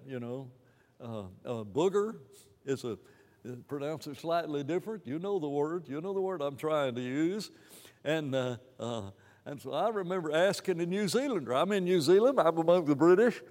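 A man preaching a sermon in an animated, rambling way, with many restarts and fillers. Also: a little high, long reverb tail.

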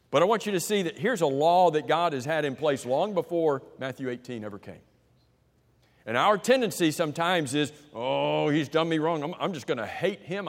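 A man preaching a sermon, asking the congregation rhetorical questions and swinging from loud emphasis to quiet, low delivery. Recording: long hall reverb.

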